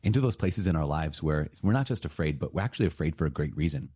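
A man giving a conversational sermon on scripture, animated and emphatic, with laughs and sarcastic asides. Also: extremely low pitch, fast, breathy edge, no room sound, studio quality. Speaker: priest teaching on scripture.

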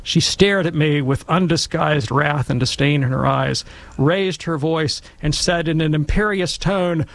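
A man's voice: on the high side, unhurried, creaky, no echo. A middle-aged man telling a wry, self-deprecating anecdote, then giving theological commentary in a Catholic discussion.

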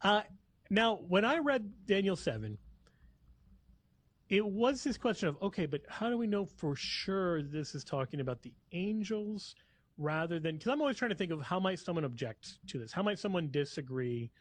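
A man's voice: high voice, big pitch swings, normal speed, no echo. A man who is a guest on a talk show, explaining scripture, reading passages aloud and laughing easily.

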